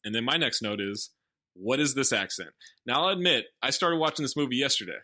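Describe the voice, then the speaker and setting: Wry bright-voiced man recapping a movie. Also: medium pitch, animated, brisk. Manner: sarcastic, reads reviews and recaps the plot with jokes. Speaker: podcast co-host. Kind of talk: casual comedic movie commentary.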